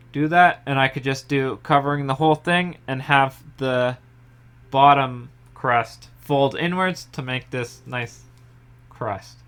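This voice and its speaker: A young man in his home kitchen, calmly explaining each step of a pie recipe in a casual tutorial. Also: fairly high pitch, clear, resonant tone. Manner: relaxed step-by-step explaining, trailing off softly. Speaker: home baker.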